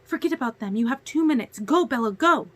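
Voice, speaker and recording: A woman voicing a fierce young vampire woman who speaks quickly in a low, urgent voice, read from a novel.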